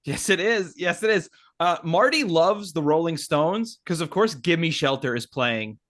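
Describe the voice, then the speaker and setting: A man's voice: on the high side, lively intonation, unhurried, a bit bright. A man co-hosting a podcast, chatting casually with wry, teasing jokes. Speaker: podcast co-host. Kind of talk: casual chat.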